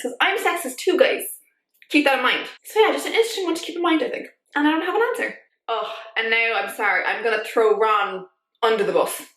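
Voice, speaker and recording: A woman vlogger talking in a casual, animated way, full of fillers as she shares her opinions. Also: high voice. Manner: chatty, animated, many fillers like "like". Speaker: YouTube vlogger. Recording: echoey room.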